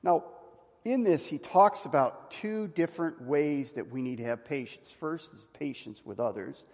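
Male pastor, slightly high voice, chatty sermon with big emphatic swells, reverberant hall. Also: animated, moderate pace. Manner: conversational, rising to loud emphatic peaks; asks the congregation questions.

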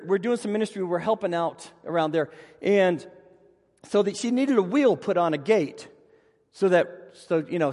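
A man with a high voice preaches from the pulpit, telling funny stories about himself in an animated way. His voice rings out with a long reverb, as in a church sanctuary. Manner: animated storyteller, self-deprecating humor. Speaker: pastor. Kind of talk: sermon with personal storytelling.

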